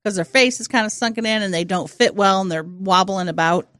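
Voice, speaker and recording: A woman's voice: mid-range voice, fairly quick, fairly bright tone. A woman co-hosting a comedy podcast, chatting in a giggly, playful way. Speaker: podcast co-host. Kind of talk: casual comedy chat.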